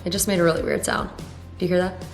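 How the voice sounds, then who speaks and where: A woman's voice: fairly low pitch, level tone, fast, faint music behind. A woman in her twenties chatting casually to camera from her home, bubbly and playful, with asides to her viewers. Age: 20s. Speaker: vlogger. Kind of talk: casual vlog chat to camera. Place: home in Dallas, in a swing chair.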